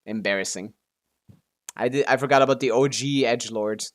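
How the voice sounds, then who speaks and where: A man streaming a game, talking half to himself in loose, mumbling commentary. He corrects himself often and swears in passing, in a middle-pitched, ordinary voice. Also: fairly quick.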